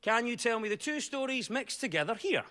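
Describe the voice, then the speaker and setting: A Scottish man hosting a comedy panel show, reading wry jokes briskly. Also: very high voice, big pitch swings, heavy background noise. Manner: brisk joke-delivery, wry. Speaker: host. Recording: studio audience laughing.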